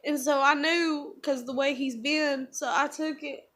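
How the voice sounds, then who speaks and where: Woman, high voice, confessional vlogger, raw and rambling. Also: fairly even intonation, a little slow, fairly bright tone. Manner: emotional, rambling, many fillers. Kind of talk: confessional vlog monologue.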